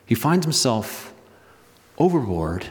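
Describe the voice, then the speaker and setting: A man preaches a sermon with a voice of ordinary middle pitch. He leans into emphatic stresses, slowing on key words and then pushing forward. His voice rings out with long reverb, as in a large church hall. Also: very animated. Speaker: pastor.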